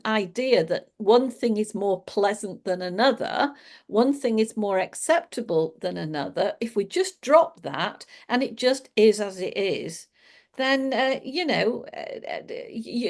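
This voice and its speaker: A woman giving a casual, reflective spiritual talk, laughing often as she explains. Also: mid-range voice. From England. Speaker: spiritual teacher.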